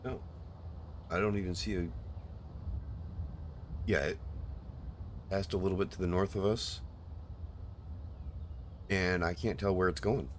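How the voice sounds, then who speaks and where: Very deep-voiced man narrating gameplay. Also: measured pace, pauses often, slight background noise. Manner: relaxed, trailing off with fillers. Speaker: streamer playing a co-op game. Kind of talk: casual gameplay commentary.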